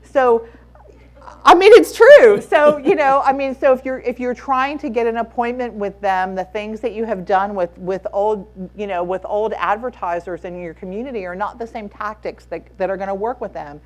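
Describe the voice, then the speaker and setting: A woman on a conference panel gives sales advice in an emphatic, driving way. She repeats her main points and speeds up when she stresses them. Her pitch sits mid-range for a woman. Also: moderate pace, few pauses. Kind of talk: advisory panel talk. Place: conference room.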